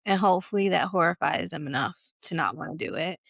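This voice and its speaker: A young woman with a lowish voice, chatting on a podcast she co-hosts. She talks loosely, with fillers and restarts, and laughs easily. The sound is close and dry. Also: fast talker, creaky, fairly bright tone, dry recording. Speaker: podcast co-host. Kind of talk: casual chat.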